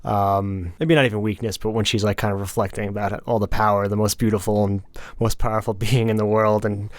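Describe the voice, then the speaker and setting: A man's voice: on the low side, level tone, fairly quick, no room sound. A young man co-hosting a casual podcast chat, laid-back and rambling, swearing freely and filling with "like" and "um". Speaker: podcast co-host.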